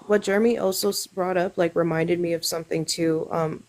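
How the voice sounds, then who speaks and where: A young woman with a fairly low voice talks openly as a guest on a live talk show. She is earnest and candid. She often stops to restart or fill a gap before going on. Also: fairly even intonation, brisk, background noise. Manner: earnest, frank, with frequent fillers and restarts. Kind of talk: candid casual chat.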